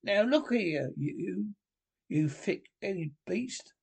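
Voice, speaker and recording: A man voicing an excitable, impatient male water rat in a storybook reading. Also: high voice, vocal fry, voice pushed up, exaggerated voice. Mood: angry. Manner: eager, quick to scold.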